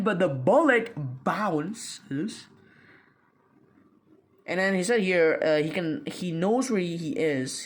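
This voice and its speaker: A man's voice: a little high, a bit bright. A young man casually recapping a comic book, rambling with lots of fillers, restarts and slang.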